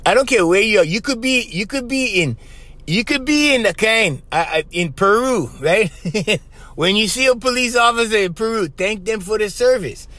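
A man from Hawaii hosts his own podcast in thick Hawaiian Pidgin, chatting loosely and joking, calling everyone "bro". His voice sits high and comes across bright and forceful. The recording is close and dry, with no room sound. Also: lively intonation, moderate pace, dry recording. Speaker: podcast host. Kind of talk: casual solo podcast chat.

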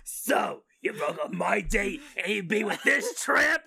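A woman's voice: medium pitch, moderate pace, creaky, sharp tone. A woman voicing a jealous, scolding mother figure, a puppet number eleven, shrieking at a date. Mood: outraged.

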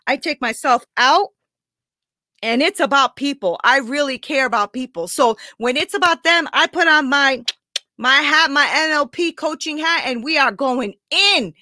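A woman's voice: sits high, bright, forceful tone, no echo. A woman life coach talking openly and emotionally to her viewers, close to tears, often asking "right?". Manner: raw, confessional, keeps asking "right?". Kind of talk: emotional live talk to viewers.

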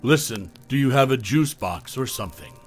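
A man's voice: mid-range voice, expressive, moderate pace, faint music behind, lightly acted. A man voicing a distraught mother at her wits' end, frantic and exasperated.

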